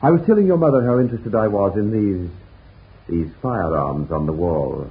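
A suave, inquisitive novelist in a vintage radio play, polished and probing. His voice sits a little low. It is heard through a tinny, narrow broadcast sound. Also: expressive, normal speed. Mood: genial. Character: shrewd, suave Parisian novelist, man, inquisitive. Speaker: visiting novelist. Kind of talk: 1940s radio acting.

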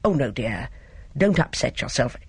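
Bossy woman companion, brisk and managing, husky, voiced by the narrator in a storybook. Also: mid-range voice, very animated, no room sound, heavily acted.

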